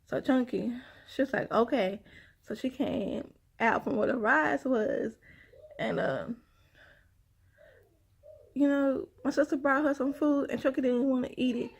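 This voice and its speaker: Her voice sits high and husky, with vocal fry, an unhurried pace, and frequent pauses. This chatty vlogger wanders through a personal story, sighing a lot and addressing her viewers as y'all.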